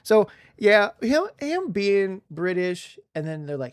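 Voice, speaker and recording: A man co-hosting a casual podcast, reviewing a movie in an excited, rambling way with lots of restarts. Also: sits high, slow pace, clear, resonant tone. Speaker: podcast co-host.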